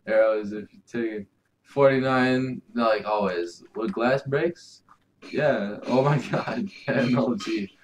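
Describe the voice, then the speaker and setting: A man doing video game commentary, yelling and cursing at the game as he plays. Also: medium pitch, a little hiss or hum. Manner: yells and curses at the game. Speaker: gameplay commentator.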